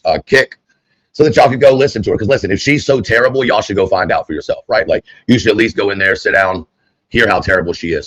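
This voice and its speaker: A man's voice: sits low, no echo. A man streaming online, chatting at length to his viewers in a rambling, casual way. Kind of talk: casual livestream monologue.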